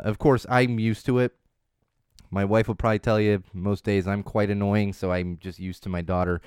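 A man's voice: lowish voice, smooth, no room sound, clean studio sound. A man in his thirties hosting a casual show, chatty and prone to restarts, growing emphatic when he makes a point. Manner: chatty with many restarts and laughs, grows emphatic. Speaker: podcast host. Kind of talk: casual chat.

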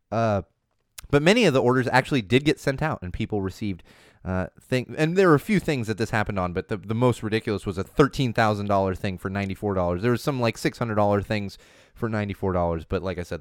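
Animated man riffing on tech news. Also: fairly low pitch, clear, resonant tone, no echo, clean studio sound. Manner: animated, riffing, rambling asides. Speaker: podcast host. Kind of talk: casual news chat.

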